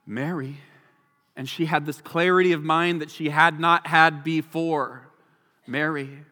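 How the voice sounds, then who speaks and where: A man preaching a sermon as pastor, animated, acting out the people in the story. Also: fairly high pitch. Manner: animated, acts out the people in the story in quick voices. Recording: long hall reverb.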